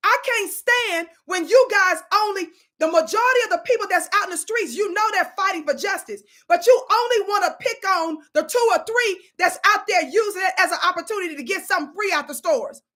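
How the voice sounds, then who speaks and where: A woman's voice: very high-pitched, fairly quick, hardly any pauses, sharp tone. A woman giving sassy, scolding commentary on video clips, full of dramatic asides. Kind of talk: animated commentary chat.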